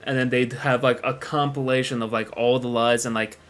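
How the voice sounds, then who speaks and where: A man's voice: mid-range voice, flat delivery, fairly quick, a bit bright, soft background music. Casual, profane man narrating commentary. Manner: loose, profane, filler-heavy. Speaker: commentary video host.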